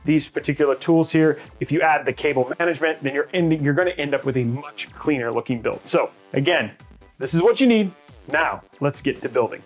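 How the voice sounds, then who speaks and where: A man hosting a hands-on tutorial, explaining each step in an energetic, chatty way with fillers and quick asides. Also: a little high, soft background music. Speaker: tech channel host.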